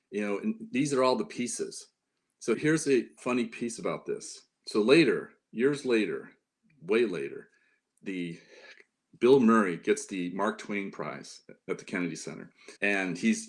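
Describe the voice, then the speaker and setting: A middle-aged man from Upstate New York, near Lake Ontario, speaks in a lowish, expressive voice at a normal pace. As a former White House staffer being interviewed casually, he tells long stories packed with fillers and restarts.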